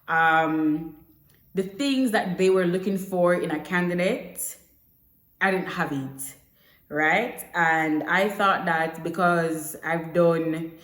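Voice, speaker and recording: A woman's voice: lowish voice, takes it slowly, a bit bright. A young woman with a Jamaican accent telling a personal story to camera in a chatty way, slipping between English and Patois. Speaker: vlogger. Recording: echoey room.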